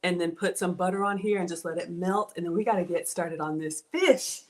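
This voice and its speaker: A woman with a fairly low voice talks briskly while cooking in her home kitchen on a livestream. It's casual chat in which she thanks her viewers, captured in a low-quality recording.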